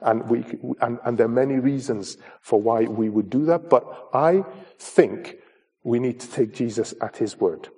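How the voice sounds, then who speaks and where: An earnest male preacher delivers a sermon in a mellow, darker voice with a husky edge. He is emphatic and direct, talking to his listeners as folks. His pitch sits at an ordinary middle level for a man. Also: moderate pace.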